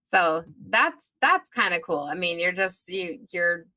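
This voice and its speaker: A woman's voice: on the low side, lively intonation, takes it slowly, bright, forceful tone, no room sound. A woman hosting a podcast, chatting in a casual, affirming way with lots of fillers. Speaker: podcast host.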